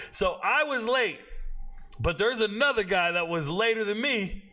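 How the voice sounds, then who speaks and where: A man around forty with a high, bright, forceful voice, ranting casually about sports. He talks bluntly with plenty of swearing and keeps drifting off into personal tangents. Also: animated, a little slow. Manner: blunt, profane, rambling into tangents. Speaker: sports commentator and show host. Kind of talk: casual opinionated rant.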